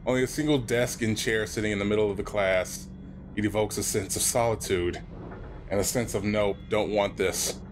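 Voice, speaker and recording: A man's voice: on the low side, fairly even intonation, normal speed, music in the background. A man playing a horror game and commenting, jumpy and nervous, swearing and reading the on-screen text aloud. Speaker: let's play host.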